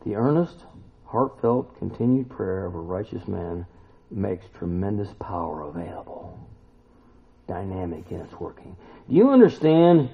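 A man preaching a sermon, emphatic and full of rhetorical questions, now and then climbing to loud exclamations. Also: on the low side, lively intonation, moderate pace, vocal fry, husky. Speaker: pastor. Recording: tinny phone-like recording.

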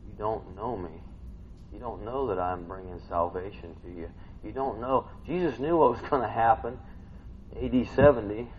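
A man preaching a sermon, swinging between hushed reading and loud excited outbursts. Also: on the low side, breathy edge. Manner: animated, swings from hushed to shouting. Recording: dull lo-fi recording.

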